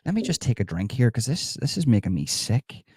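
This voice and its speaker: A man's voice: medium pitch, very animated, brisk, a little mellow, husky, no room sound, clean studio sound. A man doing a sarcastic impression of a smug, mock-outraged politician, mocking comments in a live stream. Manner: sarcastic, mocking, reads comments and scoffs at them.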